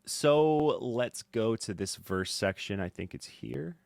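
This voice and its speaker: A man teaching drum mixing in a casual tutorial, thinking aloud with fillers and swinging in loudness. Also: medium pitch, animated, takes it slowly, creaky, no room sound. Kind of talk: casual screen-recorded tutorial. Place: home studio. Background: faint music from drum playback.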